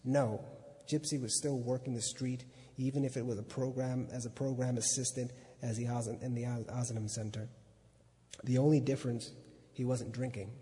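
A man, a magazine editor, reading a literary excerpt aloud at an unhurried pace, now and then stumbling and restarting a word. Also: mid-range voice, flat delivery, dark tone. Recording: long reverb of a hall.

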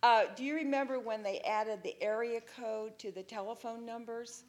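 A woman's voice: fairly high pitch, fairly even intonation, moderate pace. A middle-aged woman, a children's songwriter, talking chattily to an audience and breaking into song. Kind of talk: talk with sung demonstrations and guitar. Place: room with a live audience. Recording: guitar music under the voice. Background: strummed guitar.

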